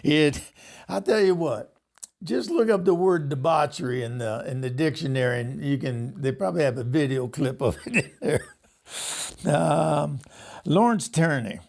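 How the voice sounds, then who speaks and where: A man's voice: a little high, animated, unhurried, a little mellow. An older man, host of the show, telling rambling stories in casual talk, often laughing and acting out what others said. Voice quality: gravelly. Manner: rambling, laughs often, acts out quoted voices. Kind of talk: casual storytelling monologue.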